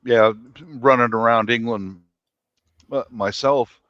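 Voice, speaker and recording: A man's voice: medium pitch, fairly even intonation, slow, a bit bright, dry recording. A man telling a story on a podcast, stumbling over repeated words, heard over a dull lo-fi line.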